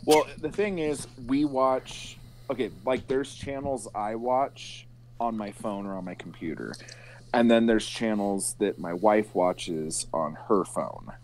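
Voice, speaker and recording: A man's voice: on the low side, unhurried, a little mellow. A man co-hosting a casual chat show over a video call. He tells stories with swearing and mimics the people he is talking about. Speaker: podcast co-host.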